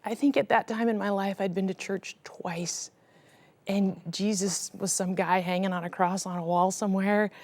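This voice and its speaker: A middle-aged woman giving an earnest, emotional personal testimony, her voice sinking to a hushed whisper at the painful moments. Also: mid-range voice, fairly even intonation, normal speed. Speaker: guest sharing her testimony.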